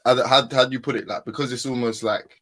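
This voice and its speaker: Man, mid-pitch, halting and filler-heavy, dry call audio. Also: fairly even intonation, fairly bright tone, dry recording, poor audio. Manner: hesitant, filler-heavy, laughs easily. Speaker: panel guest. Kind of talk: casual group chat. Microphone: video call.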